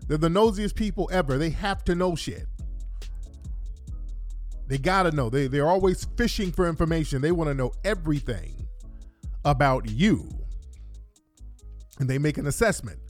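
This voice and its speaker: A man's voice: on the high side, expressive, normal speed, pauses often, soft background music. Blunt, profane man ranting. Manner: blunt, profane, emphatic repetition. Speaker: commentator. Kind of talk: ranting monologue.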